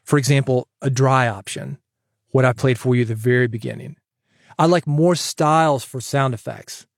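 A man hosting a podcast, giving advice in an energetic, chatty way that jokes with the listener. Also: mid-range voice, moderate pace, no echo, studio quality. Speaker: podcast host and coach.

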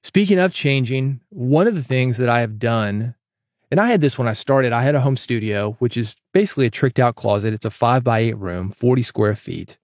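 A man's voice: medium pitch, expressive, normal speed, darkish tone, no echo. A man hosting his own podcast in a casual solo monologue, with varied, emphatic delivery, recorded in a foam-treated closet studio. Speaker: podcast host. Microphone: studio microphone.

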